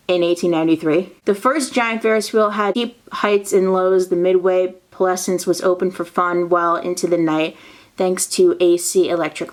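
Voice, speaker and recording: A woman narrating history in a casual way, reading old newspaper text and breaking off into excited asides, playful mock dialogue and soft whispers. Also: on the low side, moderate pace.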